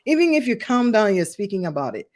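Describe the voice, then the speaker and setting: A woman hosting an interview who reflects out loud, restarting phrases and leaning on "you know". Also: medium pitch, big pitch swings, fast talker. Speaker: show host. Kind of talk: casual interview chat.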